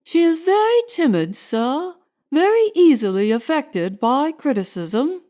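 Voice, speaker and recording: A woman reading an audiobook voices a polite, anxious male butler who speaks in a halting, apologetic, formal way. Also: high voice, big pitch swings, dark tone, pitched above the performer's own voice.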